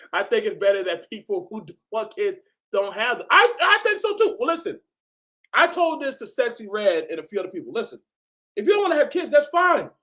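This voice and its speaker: A man hosting a reaction video, talking casually and profanely, often bursting into shouts. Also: high voice.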